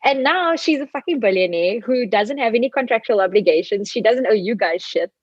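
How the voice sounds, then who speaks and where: Woman guest, musician, chatty and animated, voices her quotes; dry, slightly dull podcast sound. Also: on the high side, fairly quick, slightly rough, dry recording. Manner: animated, slips into playful voices when quoting people. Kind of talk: casual interview chat.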